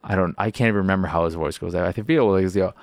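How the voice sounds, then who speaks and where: A man's voice: low voice, racing, no echo, clean studio sound. A man hosting a podcast, chatting casually and profanely about video games and acting out scenes as he talks. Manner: rambling and profane, acts out scenes. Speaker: podcast host. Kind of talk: casual video game chat.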